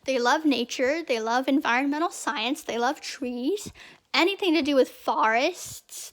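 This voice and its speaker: Young woman, high voice, chatty rambling fan commentary, repeats herself. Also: a little slow. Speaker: channel host.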